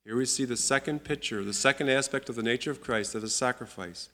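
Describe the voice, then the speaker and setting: A man teaching a Bible study, unhurried and reading scripture aloud with emphasis. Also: medium pitch, sharp tone.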